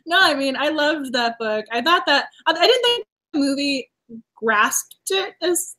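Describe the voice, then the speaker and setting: A woman hosting a casual chat about books, chatty and quick to laugh. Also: sits high, lively intonation, sharp tone. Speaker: host.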